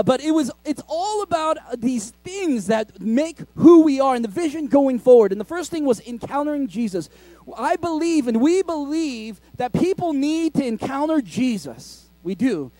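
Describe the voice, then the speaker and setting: A man's voice: very high-pitched, dark tone, no room sound. A man, a pastor, preaching a sermon in a conversational, joking way with laughing asides, in a school cafetorium used as a church.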